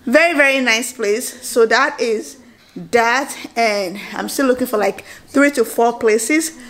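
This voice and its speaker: A woman in her thirties chatting excitedly to her phone camera at home in a casual vlog, stopping and restarting her sentences. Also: fairly high pitch, slow. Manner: chatty, excitable, self-interrupting. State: out of breath. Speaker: vlogger.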